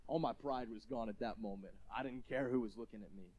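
A man preaching a sermon, conversational and self-deprecating, rising to shouts at emotional peaks. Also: medium pitch, fast. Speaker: pastor.

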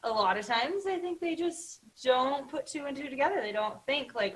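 A woman's voice: sits high, animated, normal speed, poor audio. A woman hosting a podcast, talking in a chatty, casual way with lots of filler words.

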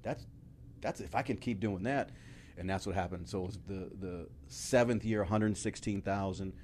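Middle-aged male guest, low-pitched, lively storyteller who laughs and curses freely. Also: moderate pace, slight background noise. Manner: animated, laughing, swears casually. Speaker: podcast guest, entrepreneur. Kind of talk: casual interview storytelling.

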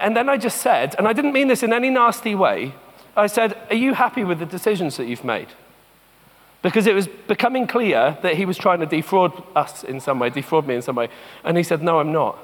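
Man, pastor, sermon, high voice, conversational storytelling, long church reverb. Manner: conversational, storytelling, slows for scripture and reflection.

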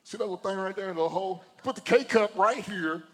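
Male pastor, high voice, animated storyteller, church hall with long reverb. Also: quick pace. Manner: animated storytelling, addresses the congregation directly. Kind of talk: sermon.

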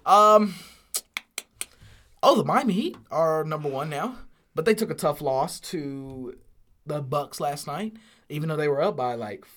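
A young man co-hosting a casual sports podcast, whiny and exasperated, now and then bursting into loud outcries. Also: on the high side, a little slow, long pauses. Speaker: podcast co-host, Lakers fan.

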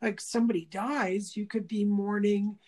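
A woman's voice: mid-range voice, normal speed. A woman talking casually in an interview, acting out quoted speech as she tells stories and restarting phrases as she thinks aloud. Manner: animated storyteller who acts out quoted speech.

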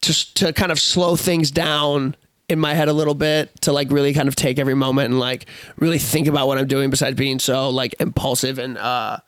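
A young man from New Orleans, a touring musician guesting on a podcast, telling rambling, animated stories in casual chat. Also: medium pitch, a little fast, smooth, no room sound.

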